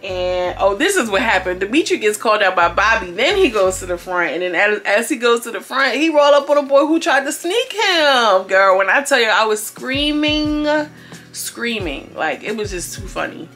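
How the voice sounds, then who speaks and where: A woman talks straight to her viewers in a casual, gossipy recap of a reality show, laughing often as she goes. Her voice is bright and forward, sitting at an ordinary pitch for a woman. Faint music plays underneath. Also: very animated, normal speed.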